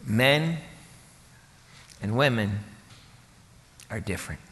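A male pastor delivering a sermon with a bright, forceful tone. He talks casually, cracks jokes and slips into voices for the people in his story. His voice rings out with a long reverb, like a church sanctuary. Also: medium pitch, animated, slow. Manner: conversational, jokey, acts out voices of people in the story.

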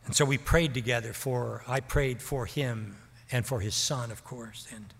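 Middle-aged male pastor, earnest storyteller, average pitch, reverberant church hall. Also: fairly even intonation, vocal fry, breathy edge. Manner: earnest, slows down for emphasis. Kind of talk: storytelling sermon.

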